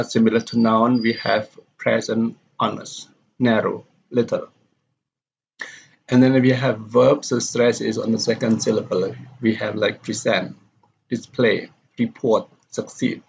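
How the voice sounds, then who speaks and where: A man's voice: mid-range voice, vocal fry, a little hiss or hum. A man teaching a pronunciation lecture from slides, steadily reading example sentences aloud and repeating them. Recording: dull lo-fi recording.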